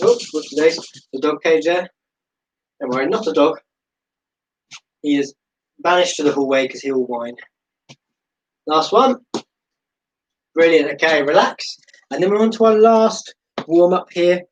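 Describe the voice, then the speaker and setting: A man's voice: fairly high pitch, moderate pace, pauses often, a little hiss or hum, poor audio. Chatty, encouraging man leading a workout. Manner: encouraging, chatty, self-deprecating asides. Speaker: fitness instructor. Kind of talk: live-streamed exercise class instruction.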